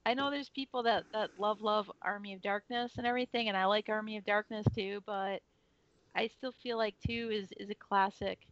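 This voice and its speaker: A woman's voice: medium pitch, steady tone, brisk, fairly bright tone, no echo. Enthusiastic female podcast co-host, filler-heavy; dry, muffled lo-fi recording. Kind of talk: casual chat. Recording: dry dull lo-fi audio.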